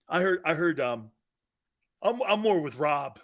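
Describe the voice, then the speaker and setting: Brash, animated sports show host. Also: male voice, a little high, a little slow, pauses often. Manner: animated, rambling, brash, laughs often. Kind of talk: sports talk show rant.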